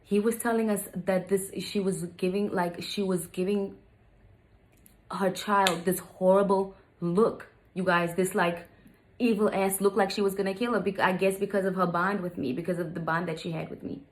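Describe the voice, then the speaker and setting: A vlogger in her thirties tells a personal story in a chatty, casual manner, often addressing viewers and repeating "you guys." Her medium-pitched voice has fairly even intonation at a moderate pace, with a little hiss or hum.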